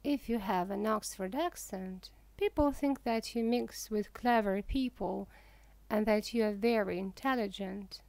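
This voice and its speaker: A woman narrating a humorous audiobook for English learners, reading in a careful, even way. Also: fairly high pitch, vocal fry, no room sound.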